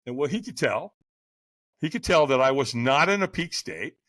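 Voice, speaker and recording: Podcast guest guy telling his story, super animated, swoopy pitch, bright sharp tone, always going "right?". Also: moderate pace. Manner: lively, keeps asking "right?".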